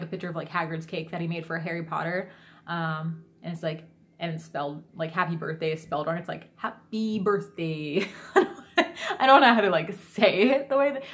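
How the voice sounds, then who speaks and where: A woman's voice: fairly low pitch, a bit bright. Chatty, eager woman vlogger. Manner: rambling and enthusiastic, many fillers and self-corrections. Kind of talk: casual chat vlog.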